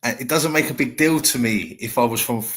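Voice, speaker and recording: A man's voice: mid-range voice, fairly quick, fairly bright tone. A middle-aged man hosting a live stream panel, talking bluntly and lecturing in a heated chat.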